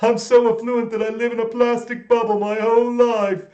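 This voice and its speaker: He is a man doing a pampered posh young Englishman in a put-on upper-class accent. His voice is pushed well above his own pitch and comes across haughty. He draws out the words slowly. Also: flat delivery, dark tone, dull audio. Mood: snooty. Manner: haughty, drawling. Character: snooty affluent posh British young man.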